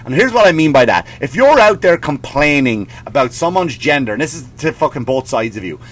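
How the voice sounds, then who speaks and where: A man's voice: fairly high pitch, sing-song, fairly quick, a bit bright. A male comedian and podcast host delivering a profane, sarcastic comic rant, possibly, slipping in mocking voices.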